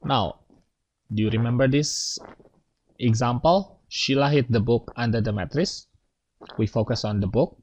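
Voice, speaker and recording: A man's voice: medium pitch, unhurried, pauses often, darkish tone, rough recording. A man teaching an English grammar lesson, explaining step by step and checking in with his students.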